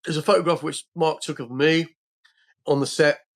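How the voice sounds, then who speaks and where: A man's voice: fairly high pitch, fairly even intonation, moderate pace. Rambling older man telling stories. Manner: rambling, many restarts and fillers. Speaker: podcast guest, actor. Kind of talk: casual anecdote telling.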